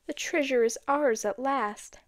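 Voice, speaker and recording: A woman's voice: high voice, a little slow, no room sound, clean studio sound, voice pushed up. Woman reading as a gloomy young woman. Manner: gloomy, murmuring.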